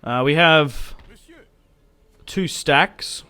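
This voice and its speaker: A young man giving casual commentary over a strategy game, chatty and quick to react loudly when things go wrong. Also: fairly high pitch, clean tone, soft background music. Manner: chatty, reacts loudly to setbacks, self-mocking laughs. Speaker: gaming YouTuber.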